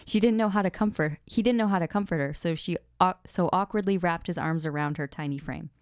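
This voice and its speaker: A woman's voice: on the low side, a little fast, no echo, clean studio sound. A woman podcast co-host reading fan fiction aloud, often breaking into giggles.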